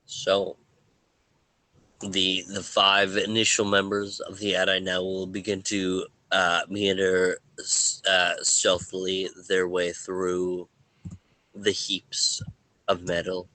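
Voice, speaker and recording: Deep, slow-talking game master man. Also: monotone, sharp tone, dry recording, poor audio. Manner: halting, pausing narration. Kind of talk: narrating a tabletop game.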